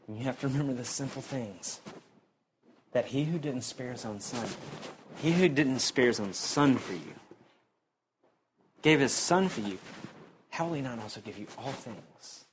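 A young man preaching a sermon in a conversational way, his voice swinging between loud emphasis and quiet, low passages. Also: slight background noise. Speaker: pastor.

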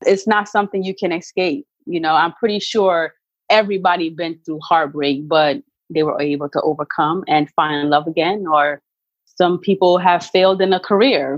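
Earnest woman, low voice, dry sound. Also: fairly even intonation, moderate pace, no room sound, highs cut off. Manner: earnest, emphatic, faith-filled storytelling. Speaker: guest, author and actress. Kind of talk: candid interview talk.

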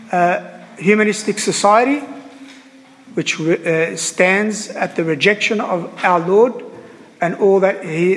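A man with a high voice preaches to his congregation, earnest and halting, often repeating himself and pausing on fillers. His words ring out with a long reverb in a church. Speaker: priest. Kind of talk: sermon.

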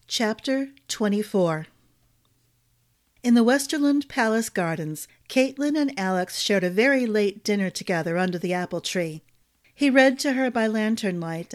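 Female fantasy audiobook narrator and podcast host, steady read. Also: medium pitch.

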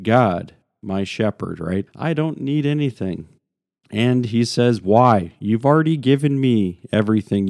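A man's voice: fairly low pitch, dark tone, dry recording, studio quality. A man leading a casual devotional Bible study, reading a passage aloud and thinking through it conversationally with frequent restarts.

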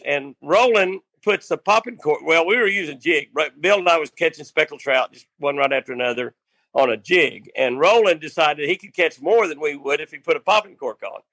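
An older man, the guest storyteller, tells a funny fishing story in a casual, rambling way, restarting lines and laughing at his own tale. His voice is a little high with a sharp tone and no echo.

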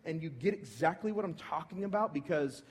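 Man in his thirties, pastor telling a story in a sermon, a touch high-pitched, big reverberant church hall. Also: lively intonation, a little fast, husky. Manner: personal storytelling, swinging from hushed to emphatic. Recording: long reverb of a large hall.

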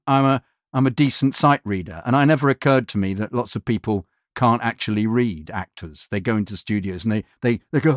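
A man, a voiceover actor, telling lively anecdotes in an interview and mimicking the people he works with. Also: medium pitch, no room sound, studio quality. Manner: animated storyteller mimicking clients.

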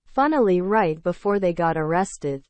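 A woman's voice: fairly low pitch, animated, moderate pace, darkish tone, no echo, natural voice. A woman playing a former diner cook who testifies against her boss in broken, plain English. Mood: resentful.

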